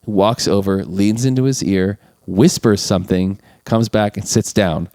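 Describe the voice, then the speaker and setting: A man's voice: fairly low pitch, steady tone, measured pace, darkish tone, no room sound, studio quality. A man co-hosting a podcast, casually retelling film scenes and acting out the lines with laughs. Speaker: podcast co-host. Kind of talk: casual chat recapping a film.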